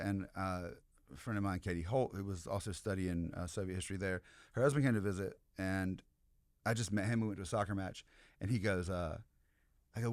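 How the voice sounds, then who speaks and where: A man's voice: low voice, no room sound, clean studio sound. A man, rambling through stories as a podcast guest, full of "like" and "you know". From American South. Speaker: podcast guest, comedian and history professor. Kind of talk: casual podcast storytelling.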